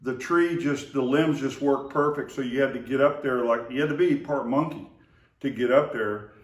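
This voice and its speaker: A man tells loose, rambling stories with plenty of fillers and false starts. His voice sits at an ordinary middle pitch. It is recorded from a distance in an echoing room. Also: moderate pace. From Oklahoma to Texas area. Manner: rambling, with many fillers and restarts. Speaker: storyteller remembering his brother. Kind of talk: casual spoken memories. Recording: roomy echo, voice far from the mic.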